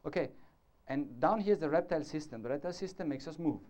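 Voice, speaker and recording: A man with a slightly high, darkish, expressive voice lectures quickly on orthodontics to a conference audience in a lecture hall. His style is discursive, with demonstrative gestures and frequent check-ins with the room. The recording is a dull, lo-fi tape from the 1990s.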